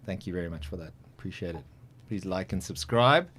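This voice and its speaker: Casting: male podcast host, lowish voice, chatty and joking. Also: expressive, fairly quick, fairly bright tone, slight background noise. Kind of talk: casual interview chat.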